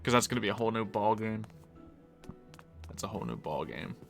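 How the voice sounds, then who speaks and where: A man's voice: fairly low pitch, big pitch swings, a little fast, vocal fry, a bit bright, faint music behind. A man streaming a game live, chatting casually and answering viewers as he plays. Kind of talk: casual live-stream chat while gaming.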